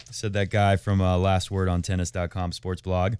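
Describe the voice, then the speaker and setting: A man's voice: low voice, flat delivery, moderate pace, a little mellow, clear, resonant tone. A man hosting a tennis podcast and working as a tennis coach, talking in a chatty, rambling way that jumps between tangents. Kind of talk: casual tennis commentary.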